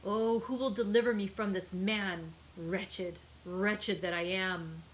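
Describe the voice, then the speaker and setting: A woman's voice: a little high, normal speed, fairly bright tone, a little hiss or hum, close to an everyday voice, poor audio. A woman reading aloud and voicing a heartbroken young fisherman who speaks in a strained, anguished way.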